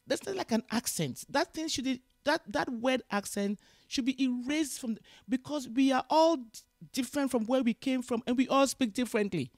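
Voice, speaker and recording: A woman's voice: sits high, moderate pace, no room sound. Ghanaian lady in an interview, gets fired up and lecturing, mixes twi and english, dry close sound. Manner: passionate, lecturing, rising loud when stirred. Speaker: interview guest. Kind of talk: casual interview, switching between Twi and English.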